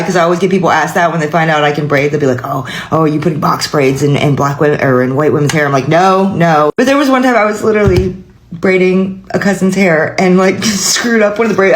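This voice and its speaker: A woman casually telling a funny family story to the camera, often breaking into laughter. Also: on the low side. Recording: roomy echo.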